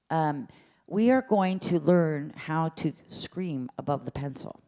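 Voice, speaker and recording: A woman coaches a room through a vocal workshop, her voice swooping freely from low to high as she shows each sound. She talks in a chatty, playful way and breaks into meows and hums to demonstrate. Her speaking voice sits a little low. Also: warm tone. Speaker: voice teacher. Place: lecture room at a symposium.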